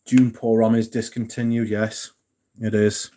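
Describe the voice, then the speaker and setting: Mellow-voiced man rambling casually. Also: fairly low pitch, little pitch movement, unhurried. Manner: rambling and profane, answers chat questions. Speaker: livestream host. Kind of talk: casual chat with viewers.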